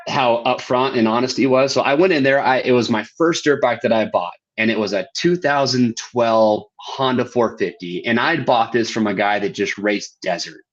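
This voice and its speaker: An American man talks as a guest on a casual podcast, walking through details in a friendly, chatty way. His voice sits in a middle range, and the audio is a bit dull and muffled. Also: mid-range voice. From United States. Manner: chatty, explains things in detail. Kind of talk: casual interview chat.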